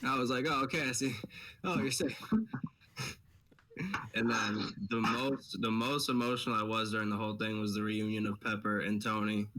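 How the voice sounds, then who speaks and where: Bright-voiced, laughing young man. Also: on the low side, level tone, normal speed, distant mic, poor audio. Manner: enthusiastic, laughs often. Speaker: podcast co-host. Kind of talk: casual chat.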